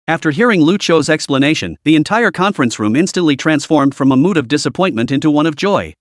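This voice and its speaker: A man narrating a story recap in an even, steady reading style. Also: on the high side, quick pace, hardly any pauses, no room sound, studio quality.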